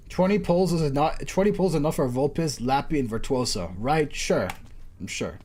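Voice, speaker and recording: A man's voice: a little high, animated, moderate pace, darkish tone, faint music behind. A man streaming a game, joking with chat and stumbling over words.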